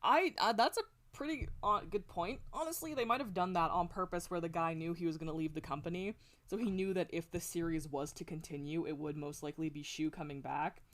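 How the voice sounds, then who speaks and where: With a fairly low-pitched voice and a slightly fast pace, a woman streams from home on a close desk mic. Drawing as she talks, she chats casually and rambles, laughing often and swearing a lot.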